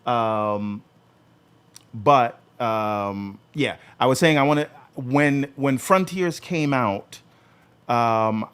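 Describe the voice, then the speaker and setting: A man co-hosting a casual gaming podcast, his voice sitting at an ordinary middle pitch. He rambles along with plenty of "um"s and restarts as he works through his thoughts. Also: a bit bright, clean tone. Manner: rambling, many fillers and restarts. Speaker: podcast co-host.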